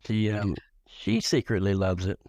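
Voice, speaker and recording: A middle-aged man with a fairly low voice rambles through crude, joking stories on a live talk show. He keeps restarting and repeating words as he goes, and his voice sounds close and dry. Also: unhurried, darkish tone, dry recording.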